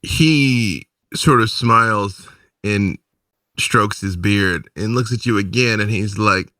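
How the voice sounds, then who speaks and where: Man, game master, slow delivery, bright edge, dry distant mic. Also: on the low side, no echo. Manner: slow, drawling narration with menacing villain voices. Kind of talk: narrating a tabletop game.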